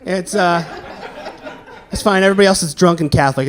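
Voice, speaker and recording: Between jokes, this thirtysomething comedian from the American South chats with his live audience, poking fun at himself while the room laughs. He talks fairly quickly in a voice that sits high, and the recording carries background noise.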